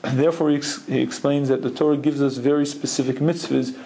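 Throat-clearing man giving a Torah lecture. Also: medium pitch, steady tone, fast talker, warm tone, poor audio. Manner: clears throat often, storytelling with jokes. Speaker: Torah teacher.

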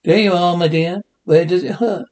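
A pompous, fussy old country vet from a cartoon, sure of himself and full of fake bedside charm, as a man puts him on. The voice is pitched high. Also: steady tone, moderate pace, darkish tone, close to an everyday voice. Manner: pompous, fussy, self-assured. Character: pompous elderly country veterinarian. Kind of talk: cartoon voice recreation.

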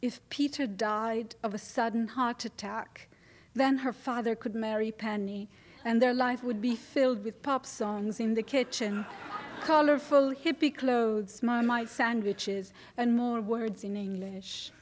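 A woman from Italy with an Italian accent, a native Italian speaker, reading her own fiction aloud at a public event in a measured, expressive way. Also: a little high, slight background noise. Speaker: author.

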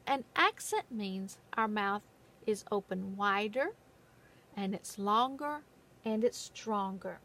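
A woman giving a phonics lesson in a patient, deliberate way, stressing the key words. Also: mid-range voice, lively intonation, a bit bright. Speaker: phonics teacher. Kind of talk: slow, careful classroom instruction.

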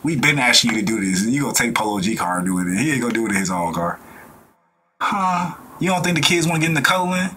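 A man hosting a reaction video, talking in a rambling, animated way and often laughing. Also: mid-range voice, fast, a little hiss or hum. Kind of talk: casual reaction commentary.

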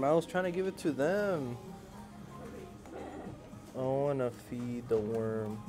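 Guy vlogging on his phone in an animal cafe, all excited and coaxing the little critters, mid pitch, music going behind. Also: slow. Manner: excited, coaxing pets in a playful voice. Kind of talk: casual vlog talk. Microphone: handheld phone camera.

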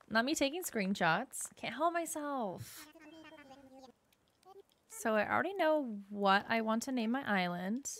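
A woman's voice: on the high side, animated, a little slow, pauses often. Bubbly young woman gushing over gameplay. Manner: bubbly, gushing, lots of "like" fillers. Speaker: gaming YouTuber. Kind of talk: casual gameplay commentary. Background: soft game music.

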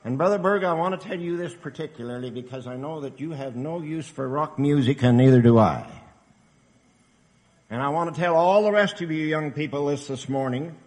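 A man's voice: on the high side, a little fast, a little mellow. A man preaching a sermon in an emphatic, earnest, exhorting manner. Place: church camp meeting hall. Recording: reverberant hall.

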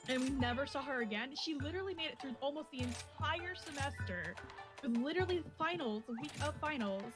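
A woman's voice: high voice, fairly quick. Chatty young woman, game music behind. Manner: animated, rambling, laughs often. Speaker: co-op gaming stream guest. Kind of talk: casual storytelling while gaming.

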